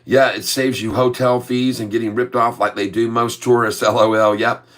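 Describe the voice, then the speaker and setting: Relaxed and talkative, this middle-aged American livestream host reads out chat comments on his stock-trading stream and responds to each. He speaks at medium pitch and normal speed.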